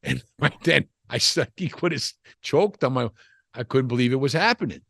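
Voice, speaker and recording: A man's voice: medium pitch, lively intonation, moderate pace, vocal fry, a bit bright, no echo, clean studio sound. An older man, a former wrestler, telling stories in a casual interview, rambling with frequent restarts and "you know" asides. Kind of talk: casual storytelling chat.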